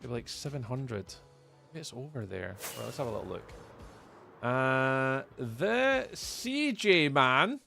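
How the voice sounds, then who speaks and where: A man's voice: mid-range voice, big pitch swings, unhurried, creaky, a bit bright, faint music behind. A man with a Scottish accent giving chatty live gameplay commentary as a streamer, answering viewers' chat messages aloud. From Scotland. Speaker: livestreamer.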